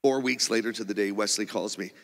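Gravelly, bright-voiced pastor. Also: male voice, on the low side, fast talker. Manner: animated, rambling storytelling with many restarts. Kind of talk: testimony sermon. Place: church auditorium. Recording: long reverb of a church hall.

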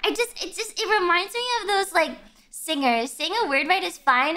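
A young adult woman streamer in casual livestream chat, ranting bluntly and swearing freely, with sudden animated yelps. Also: extremely high pitch, normal speed.

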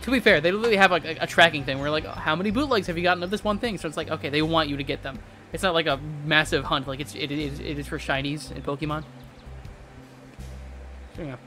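Young male streamer, chatty and rambling, slightly high voice, game music behind. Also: fast, pushed and bright. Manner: chatty, rambling, stammering restarts. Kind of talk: casual gameplay commentary.

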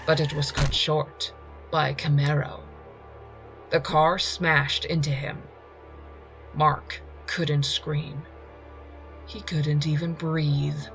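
A woman narrates a ghost story in an unhurried, measured way. Her voice sits low with a gravelly fry, and faint music plays underneath. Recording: reading over faint music.

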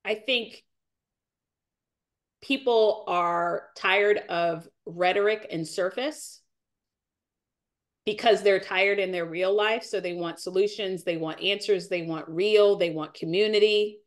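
Woman, 40s, podcast guest; earnest testimony, near tears, phrases repeated for weight. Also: slow. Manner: earnest, repeats phrases, rises in pitch as she grows tearful. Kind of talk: emotional faith testimony.

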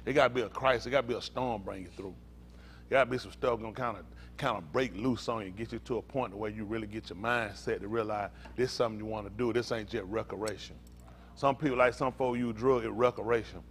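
A man, a pastor telling lively, laughing stories in a sermon, full of slang. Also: on the low side, fast, a little hiss or hum. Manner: animated, laughing storytelling with Southern slang. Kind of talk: storytelling sermon.

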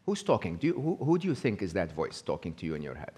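Egyptian man giving a lively talk. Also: deep voice, fast, husky. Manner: interactive, asks the audience questions; many fillers and restarts. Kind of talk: live talk to an audience.

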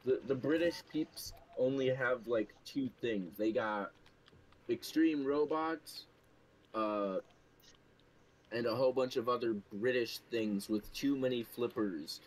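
An American man bantering playfully on a gaming stream, teasing and sometimes shouting. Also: mid-range voice, takes it slowly, low-quality recording. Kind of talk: casual gaming chat.

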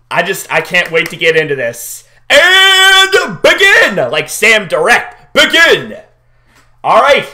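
A man hosting a live-stream reaction, excitable and swearing freely as he greets his chat by name. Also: on the high side, takes it slowly, long pauses.

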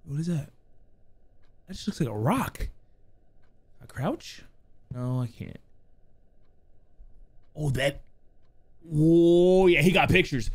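A man playing a horror game and commenting, excitable, cursing, shouting, then muttering to himself. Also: on the high side, slow, long pauses. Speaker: gaming YouTuber.

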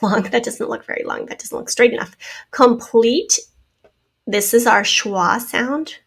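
A woman's voice: on the high side, moderate pace, creaky, a bit bright, slightly rough. A woman teaching a spelling lesson to children, explaining each word patiently step by step.

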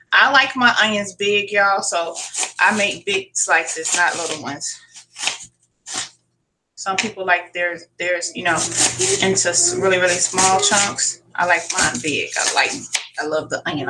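A woman's voice: on the low side, moderate pace, heavy background noise. A woman hosting her own cooking vlog from her kitchen, chatting casually to viewers, swearing freely and calling them y'all. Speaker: cooking channel host. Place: home kitchen.

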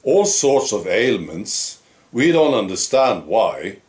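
A man's voice: fairly low pitch, big pitch swings, slow pace, a little mellow. A man with a Swedish accent, hosting his own channel and mocking the news in a casual, amused monologue. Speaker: commentary channel host.

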